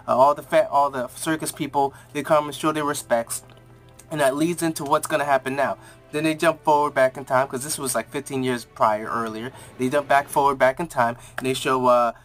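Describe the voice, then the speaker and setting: A man casually recapping and reviewing a TV episode, rambling in slang and acting out the characters' lines in quick voices. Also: on the high side, fairly bright tone.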